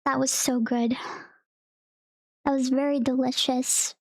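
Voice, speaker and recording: A woman's voice: sits high, flat delivery, measured pace, pauses often, a little mellow, dry recording, clean studio sound. A young woman streamer chatting casually to her viewers, rambling through a story and laughing often between sentences.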